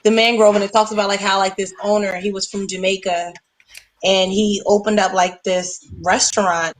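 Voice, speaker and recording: An American woman, a singer appearing as a guest, telling animated stories in a casual podcast chat. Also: mid-range voice. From United States. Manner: animated storyteller, fast and chatty.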